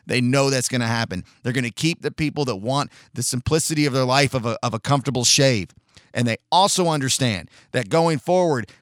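A man's voice: medium pitch, dry recording, studio quality. A man giving a blunt, sarcastic opinion monologue, swearing casually and restarting phrases as he talks. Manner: halting restarts, mocks others with shouted put-on outrage. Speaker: commentator.

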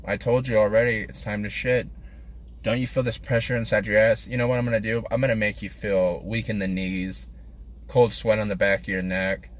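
A man's voice: on the low side, fairly even intonation, brisk, natural voice. A man voicing his own brain as a pushy, bossy figure that nags him insistently. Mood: nagging. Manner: nagging, insistent.

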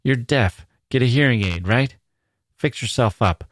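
A man's voice: low-pitched, steady tone, a little slow, mellow, dry recording, studio quality. A man reading aloud voices a menacing young man who talks in an insistent, slangy, wheedling way. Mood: snapping. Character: menacing young man, smooth-talking predator.

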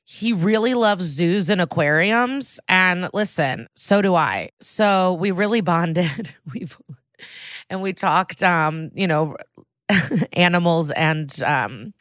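A woman's voice: on the low side, expressive, slow pace, a bit bright, no room sound. Laid-back woman chatting, dry sound. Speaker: podcast co-host. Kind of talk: casual chat.

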